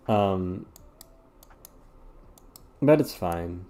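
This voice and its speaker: A man's voice: low voice, lively intonation, slow, long pauses, warm tone. A sleepy man chatting casually while playing a puzzle game, rambling, apologetic and swearing often. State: yawning, sleepy. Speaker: gaming streamer.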